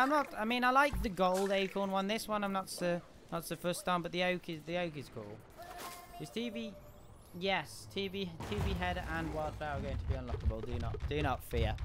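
A man doing live gameplay commentary as a streamer, excitable and chatting with viewers while cheering at the screen. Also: on the high side, background noise. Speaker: game streamer.

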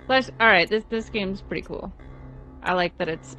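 A woman streaming a video game live, reacting with excitable commentary and frequent swearing and apologies. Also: medium pitch, moderate pace, over music.

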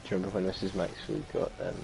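A young man chatting with a friend over a video game, pausing and searching for words. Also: low-pitched, flat delivery, creaky, over music, poor audio. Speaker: gaming buddy. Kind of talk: casual chat while gaming.

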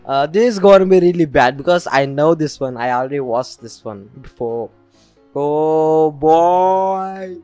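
A young man filming a reaction vlog, excitable and jumpy, with frequent shrieks and nervous laughter into a desk mic. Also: on the high side, unhurried, smooth, no echo, faint music behind. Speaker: reaction video creator. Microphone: desk mic with headphones.

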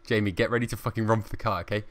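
A man's voice: lowish voice, fairly even intonation, very fast, over a noisy crowd. A man chatting playfully while playing a video game with a friend, often joking and laughing. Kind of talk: casual gameplay chat.

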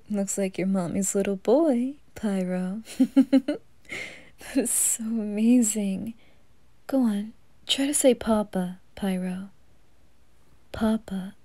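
A woman voicing a gentle, doting young father in a whispered role-play, talking softly with light laughs. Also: medium pitch, slow pace, pauses often, no echo. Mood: amused. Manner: soft, tender, breathy whispering with light laughs.

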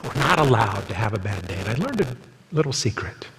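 A man's voice: sing-song, fairly quick, long reverb tail, background noise. A man preaching a sermon as a pastor, telling stories and acting out the people in them. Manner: storytelling, acting out quoted voices in a higher pitch. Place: church sanctuary.

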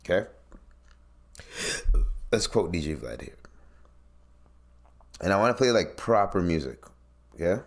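A man's voice: low-pitched, big pitch swings, unhurried, pauses often. A man hosting a solo podcast, giving blunt, profane commentary in a casual ranting manner. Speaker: podcast host.

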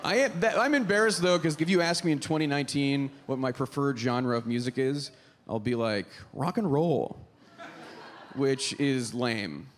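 A man's voice: medium pitch, moderate pace, slight background noise. A man from Pittsburgh doing a wry, self-mocking stand-up set on a comedy club stage into a handheld mic. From Pittsburgh, Pennsylvania.

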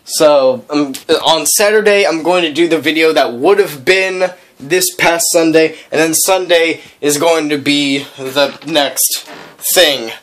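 A man vlogging in a rambling, excitable way, full of filler words. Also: on the high side, takes it slowly. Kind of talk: casual vlog chat.

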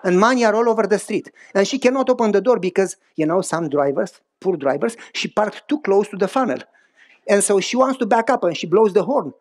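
A middle-aged man preaching a sermon, telling personal stories in an animated way with big pitch swings and repeated phrases. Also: brisk. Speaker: pastor.

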